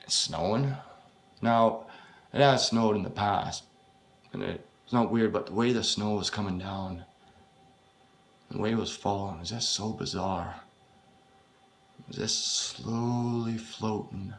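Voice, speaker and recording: A man reading his own first-person horror story aloud, in a halting, unpolished way with frequent swearing. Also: on the low side, creaky, slight background noise.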